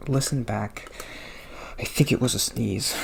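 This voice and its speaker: Hushed, gravelly-voiced man murmuring close. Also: medium pitch, measured pace, slight background noise. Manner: hushed, half-whispered, self-conscious talk. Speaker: let's play host. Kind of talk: casual gameplay commentary. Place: apartment room. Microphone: close mic.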